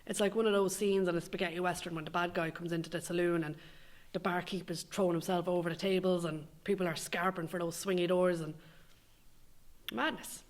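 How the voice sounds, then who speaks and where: A woman's voice: on the low side, steady tone, fairly quick. A young Irish woman delivering a scripted comic monologue, sweary, sardonic and rambling. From Ireland. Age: young adult. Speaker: comedic monologue performer.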